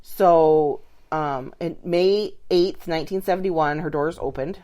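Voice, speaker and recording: A woman with a low-pitched voice talks in easy, casual podcast chat. She tells a story loosely, full of "like" and "um" fillers, as a co-host. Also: a little slow, dark tone. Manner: chatty, filler-heavy storytelling with many "like" and "um".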